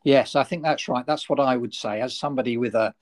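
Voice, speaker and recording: A man with a southern English accent hosting a podcast interview, talking in a halting way with many fillers and restarts. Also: mid-range voice. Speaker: host.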